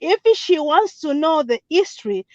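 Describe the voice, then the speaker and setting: A woman's voice: sits high, expressive, moderate pace, no room sound. A woman calling in with emphatic, repetitive political comments, switching between languages. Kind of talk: impassioned political call-in comment. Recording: dull, dry lo-fi line.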